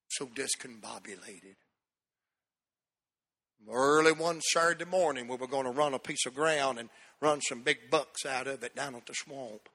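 A man's voice: mid-range voice, sharp tone. A male pastor with a North Carolina accent, telling a personal story in a sermon with folksy country speech.

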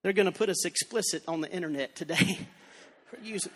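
A man preaching a revival sermon in a church, moving from storytelling into shouted fervor. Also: high-pitched, brisk. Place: church sanctuary. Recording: long church reverb.

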